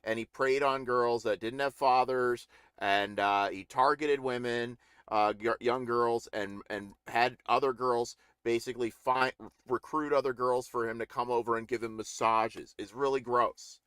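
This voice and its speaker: A man's voice: mid-range voice, steady tone, a little slow, few pauses, fairly bright tone, clean tone, dry recording, clean studio sound. A middle-aged man ranting in a casual political live stream, rambling and indignant with many restarts.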